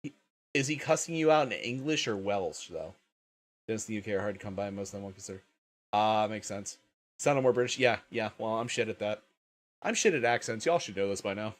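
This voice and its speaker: A man's voice: fairly low pitch, expressive, fairly quick. A man hosting a casual livestream, sleepy and tired, swearing often and laughing a lot. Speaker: livestream host.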